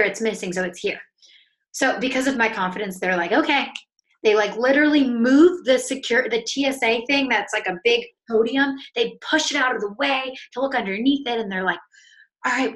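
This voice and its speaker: A woman with a bright, clear voice, a guest on a podcast. She chats in an upbeat, lively way and acts out the dialogue of her story as she goes. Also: medium pitch. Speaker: author and coach, guest. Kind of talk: casual storytelling in a podcast interview.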